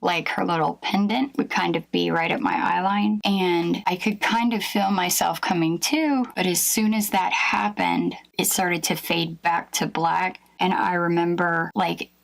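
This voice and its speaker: A woman with a low, gravelly voice tells her own story as testimony. She speaks haltingly and emotionally, stopping to search for words with plenty of fillers. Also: fairly even intonation, rough recording. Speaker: guest recounting a near-death experience. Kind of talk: personal testimony.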